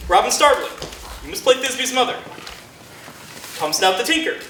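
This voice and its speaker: An actor plays an earnest, fussy carpenter handing out parts, coaxing and organizing with a lively, bright voice. Heard from far back on a roomy stage with faint hiss. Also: mid-range voice, normal speed. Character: fussy male carpenter directing an amateur play. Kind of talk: live college stage performance. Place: college theatre stage.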